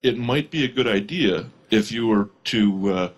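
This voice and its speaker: A man playing a tabletop game, speaking in character in a measured, diplomatic way. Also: fairly low pitch, animated. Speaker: player.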